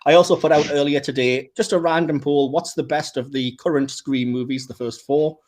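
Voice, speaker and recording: A man's voice: on the high side, fairly even intonation, fairly quick, darkish tone. Chatty man hosting a podcast. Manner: chatty, laughs often, trails off with fillers. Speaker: podcast host. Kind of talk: casual podcast chat.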